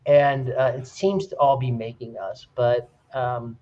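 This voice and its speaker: Earnest animated man on a lo-fi call. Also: measured pace. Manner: earnest, animated storytelling with rising pitch. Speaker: discussion participant. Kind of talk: casual discussion.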